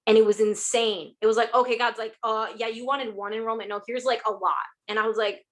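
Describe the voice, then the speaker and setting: A young woman telling her team a motivational story about sales, talking quickly with many "like"s and "oh my gosh"es. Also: fairly high pitch, steady tone. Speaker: network marketing distributor.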